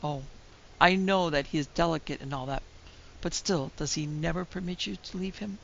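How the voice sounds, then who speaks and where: A woman's voice: low voice, normal speed, gravelly, slight background noise. A woman reading the part of a brusque, blunt young woman who scolds her friend impatiently, in a dull lo-fi recording. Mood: scolding.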